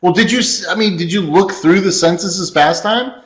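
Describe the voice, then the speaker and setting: A man's voice: sits high, moderate pace. A man co-hosting a podcast, chatting emphatically about politics and acting out what other people would say. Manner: emphatic, acts out imagined people. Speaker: podcast co-host. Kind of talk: casual political chat.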